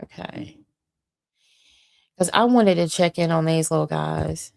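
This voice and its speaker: A woman in her forties chats on a home livestream in a rambling, profane way, venting her frustration. Her voice sits a little low, and the sound is dry and close with hardly any room echo. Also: moderate pace, vocal fry. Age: 40s. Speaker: livestream host. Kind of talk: casual livestream chat. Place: home computer desk with several monitors.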